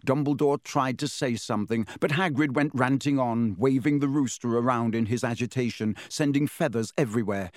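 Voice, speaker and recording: A man narrating an audiobook with steady, expressive storytelling. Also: medium pitch, moderate pace, few pauses, no room sound, studio quality. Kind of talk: scripted narration.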